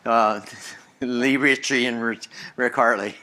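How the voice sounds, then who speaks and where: A senior engineer addresses a conference hall audience in a mid-range, steady, sharp-toned voice at a slow pace. Though unhurried, he is enthusiastic and conversational, often repeating words and restarting.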